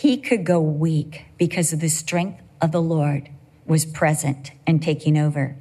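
A middle-aged woman preaching a sermon at church, telling personal stories in an animated, humorous way. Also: low voice, unhurried, husky.

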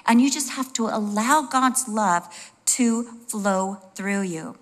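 Expressive woman preaching a sermon. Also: mid-range voice, takes it slowly. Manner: conversational and expressive, with asides and little acted-out voices.

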